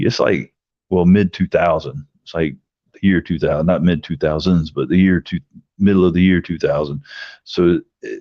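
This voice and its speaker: A middle-aged man telling a long, profane story casually, acting out the quoted lines. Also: no echo. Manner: rambling, profane, acts out quotes with raised pitch. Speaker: livestream host telling a story. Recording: dry, slightly dull lo-fi sound.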